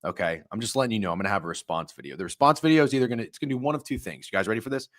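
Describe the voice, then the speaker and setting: A man's voice: expressive, racing. A man hosting a live sports stream, ranting with heavy profanity and sudden heated outbursts while reading chat. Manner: profane, heated ranting with big pitch swings. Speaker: sports betting stream host.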